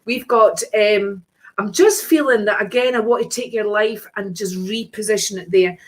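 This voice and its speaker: A woman's voice: mid-range voice, moderate pace. Chatty woman doing tarot readings. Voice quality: chatty, warm endearments, breezy exclamations. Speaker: psychic tarot reader hosting a live stream. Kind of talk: casual live-stream card reading.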